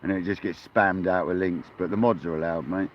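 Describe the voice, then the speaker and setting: A man's voice: sits low, fairly even intonation, a little fast, muffled recording, background noise. Chatty English man streaming live outdoors. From England. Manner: chatty, calls viewers mate and buddy. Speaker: fishing livestream host. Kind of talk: casual live-stream chat to viewers. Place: outdoors on a kayak at the coast.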